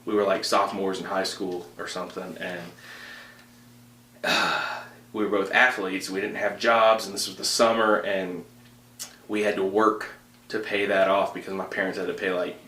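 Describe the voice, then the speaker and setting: A young man hosting a podcast, telling a story in a casual, animated way with frequent fillers and laughter. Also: low-pitched, normal speed, reverberant. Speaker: podcast host.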